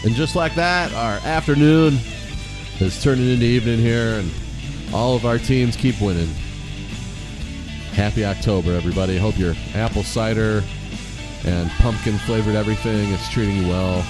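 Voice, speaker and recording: Wry low-voiced man co-host. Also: moderate pace, music in the background. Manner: wry, plugs the show at the sign-off. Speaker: podcast co-host. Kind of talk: casual comedic chat.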